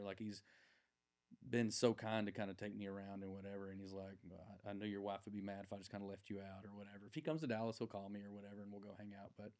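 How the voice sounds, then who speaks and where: A man's voice: fairly low pitch, a little mellow. A man in his forties, a podcast guest, telling a long anecdote in a casual, rambling way with plenty of fillers. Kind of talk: casual storytelling.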